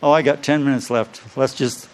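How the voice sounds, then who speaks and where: A man preaching a sermon to his congregation, reading scripture slowly and stressing key phrases by repeating them. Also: medium pitch, steady tone. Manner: reads scripture aloud slowly. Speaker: pastor.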